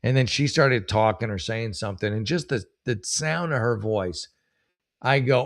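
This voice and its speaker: A man hosting a casual comedic commentary show, rambling and self-mocking, with many restarts and drawn-out punchlines. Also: medium pitch, lively intonation. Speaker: host.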